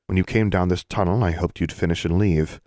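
A man voicing a guarded teenage necromancer girl who speaks quietly and grudgingly in an audiobook. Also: low voice, steady tone, brisk, no echo, clean studio sound, natural voice. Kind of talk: audiobook character voice.

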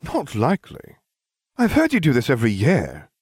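A man's voice: mid-range voice, wildly swooping pitch, moderate pace, a little mellow, breathy edge, dry recording, studio quality, pitched above the performer's own voice, full character voice. A man voicing a clever, exasperated schoolgirl.

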